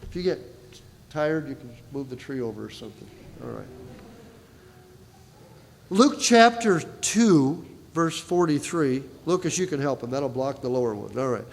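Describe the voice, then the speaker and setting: A man's voice: medium pitch, expressive, quick pace, gravelly, darkish tone. A male pastor preaching a sermon in a church, in a conversational style with frequent "right?" asides to the congregation. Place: church sanctuary. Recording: long reverb of a large hall.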